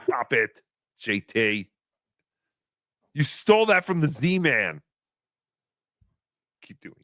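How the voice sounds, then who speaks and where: A man's voice: fairly high pitch, sharp tone, no room sound, clean studio sound. A man hosting a casual livestream, reading chat donations aloud in a rambling, joking, self-deprecating way.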